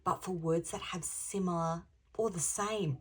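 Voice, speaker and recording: A woman with a low, husky voice gives a channeled tarot reading to camera. She talks in a chatty, rambling way and now and then drops into a whisper to drive a point home. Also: fairly even intonation, unhurried. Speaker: intuitive tarot reader.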